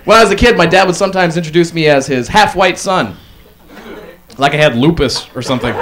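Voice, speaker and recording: A man doing a stand-up comedy set, deadpan setups broken by loud acted-out quotes. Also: high-pitched, fairly quick, crowd noise. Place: comedy club stage. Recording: live club audience laughing. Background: audience laughter.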